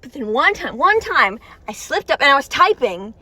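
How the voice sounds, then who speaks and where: Excitable female video host, dry close sound, chatty and rambling, talking from her car. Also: high-pitched, normal speed, no echo. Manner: excitable, chatty, talks straight to viewers with frequent restarts. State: tired and warm. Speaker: video creator reacting to a game story. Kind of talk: rambling reaction commentary to viewers. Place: inside a parked car.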